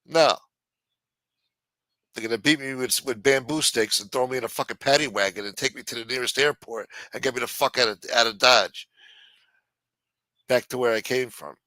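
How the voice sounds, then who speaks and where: A man's voice: mid-range voice, bright, forceful tone, dry recording. A middle-aged man hosting a live stream, ranting bluntly and swearing constantly. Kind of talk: profane ranting monologue.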